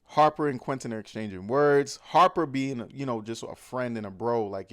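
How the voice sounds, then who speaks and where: A man recapping a film in casual, animated, slangy talk, full of fillers. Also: medium pitch, normal speed, few pauses, no echo. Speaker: movie recap host.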